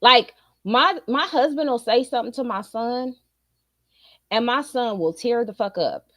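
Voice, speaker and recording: A woman's voice: on the high side, a little slow, a bit bright, dry recording, studio quality. Blunt, profane middle-aged woman ranting. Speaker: streamer giving opinions. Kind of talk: casual opinion rant to viewers.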